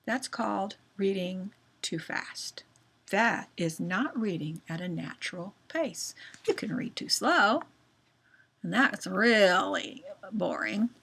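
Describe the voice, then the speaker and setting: A woman's voice: medium pitch, expressive, slow pace, gravelly, a bit bright, husky. A woman teacher explaining reading fluency to children in simple words, often checking in with them. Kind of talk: classroom reading lesson for children.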